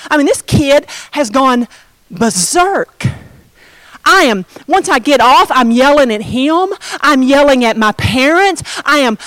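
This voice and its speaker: Preaching through a personal story, this middle-aged woman sounds animated, her voice sitting high on a dry recording. She uses dramatic slowdowns and hushed tones to drive her points home.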